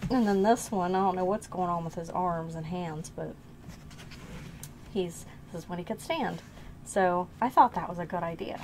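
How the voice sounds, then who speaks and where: A woman's voice: fairly low pitch, moderate pace. Rambling, slightly breathless woman on a noisy home recording. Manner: rambling, self-correcting, unsure recollections. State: short of breath. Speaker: art channel host. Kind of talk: casual show-and-tell vlog.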